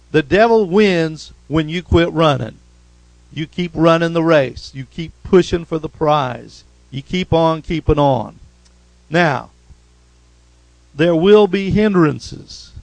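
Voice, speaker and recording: A man's voice: a little high, unhurried, vocal fry, darkish tone, dry recording, rough recording. A man preaching a sermon as pastor, punctuating points with "amen?" and rising to emphatic repetitions. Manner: call-and-response preaching, repeated "amen?".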